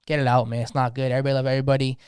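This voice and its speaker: A man's voice: medium pitch, flat delivery, very fast, darkish tone, smooth, no echo, studio quality. A young man, talking passionately in a slangy, casual podcast conversation, often repeating words as he gets going. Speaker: DJ guest.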